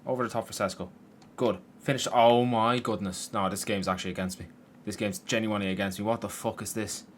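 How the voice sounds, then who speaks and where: A young man narrates his own football game from his bedroom in a fairly low voice. He keeps breaking into frustrated, sweary outbursts at the players and the game. A faint hum of keyboard typing sits behind him. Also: steady tone, fast talker. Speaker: gaming YouTuber. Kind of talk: gameplay commentary. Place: his room at home.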